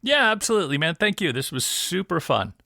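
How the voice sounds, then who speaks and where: A middle-aged man, a guest audio producer, telling stories in a casual, animated interview. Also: on the high side, brisk, vocal fry. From Detroit area, USA. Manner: animated storyteller, laughs easily.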